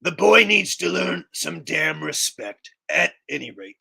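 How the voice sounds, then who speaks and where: A man doing an impression of a stern middle-aged cartoon dad who scolds in gruff fatherly lectures. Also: on the high side, sing-song, measured pace, bright, forceful tone, exaggerated voice.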